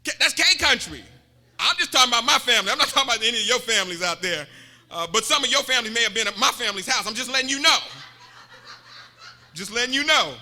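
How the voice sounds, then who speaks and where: In a reverberant church hall, a man with an extremely high, sharp voice preaches a sermon at a quick, animated pace. He jokes, repeats himself, and calls out to the congregation.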